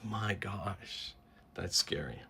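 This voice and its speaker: A man's voice: sits low, drawn-out words, vocal fry, pushed and bright, slight background noise. A man giving a casual, slangy recap of a comic, paraphrasing each scene in an offhand storytelling way. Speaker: comic book recap host.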